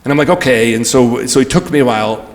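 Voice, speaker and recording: A man's voice: mid-range voice, fast talker. A man giving a talk as guest speaker, telling a personal story with emotion and frequent restarts. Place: large event hall. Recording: long hall reverb.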